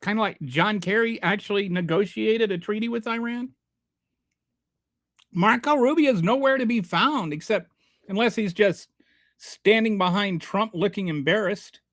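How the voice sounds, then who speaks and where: A man's voice: high-pitched, moderate pace, fairly bright tone, dry recording, studio quality. A male host giving sarcastic, rambling political commentary on a livestream and reading chat. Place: home near a small Texas town.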